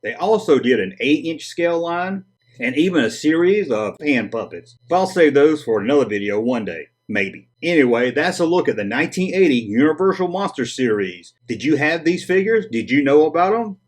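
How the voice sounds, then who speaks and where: A man's voice: a little high, lively intonation, moderate pace. A man with a Southern US accent hosting a casual vintage toy review, chatty and full of corny jokes. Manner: jokey, corny puns, chatty.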